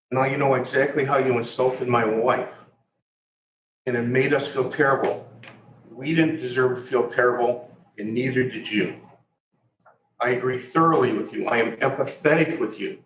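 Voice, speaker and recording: An older man speaking at a council public comment, aggrieved and halting. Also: medium pitch. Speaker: resident giving public comment. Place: council chamber. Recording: echoey chamber, voice from far off, faint hum.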